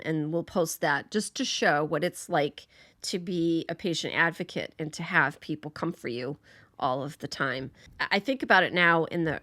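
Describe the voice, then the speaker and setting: A woman's voice: low voice, a bit bright, no room sound. A woman talking casually as a podcast guest, laughing often and restarting her sentences as she thinks. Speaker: podcast guest, patient advocate. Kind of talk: casual conversation.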